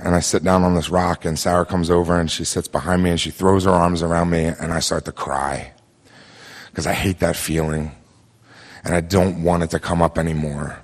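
A man telling a tense personal story on a theater stage, speaking quietly and intensely with halting restarts. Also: low-pitched, steady tone, long reverb tail.

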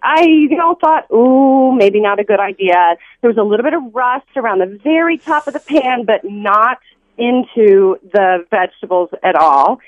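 A woman calling in to a radio show, chatty and excited. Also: on the high side, normal speed, dry recording. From Southern United States. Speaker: caller. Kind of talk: phone-in chat. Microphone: telephone. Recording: dull phone line.

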